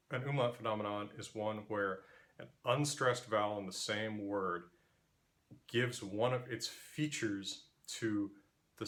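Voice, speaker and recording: A man with an American Interior West accent gives a measured linguistics lesson. His voice sits a little low. He pauses to sound out vowels for his students. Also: a bit bright. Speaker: linguistics teacher. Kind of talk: explanatory lecture.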